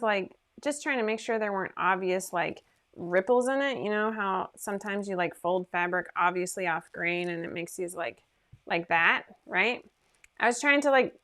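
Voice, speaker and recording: A woman's voice: mid-range voice, fairly bright tone. A woman hosting a casual sewing livestream from her home sewing room, chatting in a rambling, self-deprecating way into her computer microphone.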